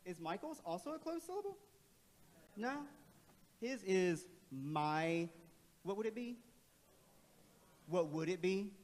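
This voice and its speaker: A man leading a playful, energetic, interactive staff training workshop in a large auditorium. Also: sits high, takes it slowly, pauses often. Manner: playful, energetic, calls on the crowd. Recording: long hall reverb.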